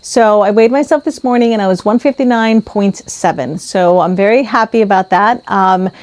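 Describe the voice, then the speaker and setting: A woman's voice: mid-range voice, normal speed, darkish tone, no room sound. A woman vlogging casually to camera about her weight loss as a mother, candid and full of ums and restarts.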